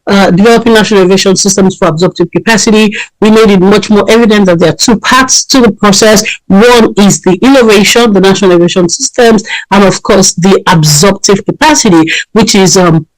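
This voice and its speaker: A woman's voice: medium pitch, fairly quick, few pauses, dry recording, poor audio. A woman hosting a radio talk show, delivering a solo monologue emphatically with frequent fillers, repeated points and tag questions. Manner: repetitive, emphatic, with frequent fillers and "right?" tags.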